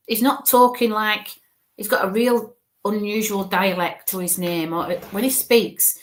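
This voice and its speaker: A woman giving a live mediumship reading in a mid-pitched voice. She chats and reassures as she goes. She thinks aloud, sprinkling in "okay" and "bless you" as she passes messages on. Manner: thinks aloud while relaying spirit messages. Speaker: spirit medium.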